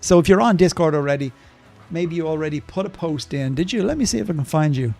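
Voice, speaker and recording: A man's voice: on the high side, lively intonation, fast talker, creaky, darkish tone, soft background music. An older man streaming a game live, chatting casually and rambling through viewer questions with lots of ums and asides.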